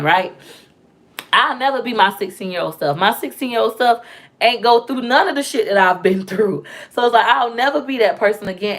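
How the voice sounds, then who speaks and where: A woman, chatting casually to viewers as host in a blunt, profane, animated way. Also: mid-range voice. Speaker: vlog host reading comments. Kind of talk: casual live chat.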